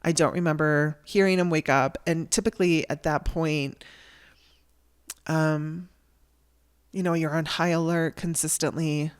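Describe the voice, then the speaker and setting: A woman's voice: deep voice, steady tone, unhurried, pauses often, clean tone. A woman telling a personal story on her podcast, in a candid and conversational way. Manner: candid, conversational, with restarts and blunt language.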